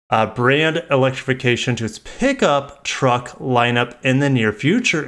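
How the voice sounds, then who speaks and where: A man's voice: medium pitch, fairly bright tone. Chatty man riffing on car news. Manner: chatty, rambling asides with self-corrections. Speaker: car channel host. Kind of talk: live reading and commentary on a press release.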